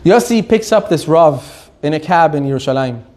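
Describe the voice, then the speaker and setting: A man giving an animated Torah lesson, joking, laughing often and telling stories with Hebrew terms mixed in. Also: a little high, moderate pace. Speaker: Torah teacher.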